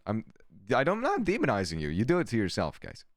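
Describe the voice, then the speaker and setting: Casual livestream talk from a man who swears a lot, reads chat out loud, and keeps the sarcasm coming. He speaks fast in a mid-range voice whose pitch swoops wildly. The sound is clean studio quality, with no echo.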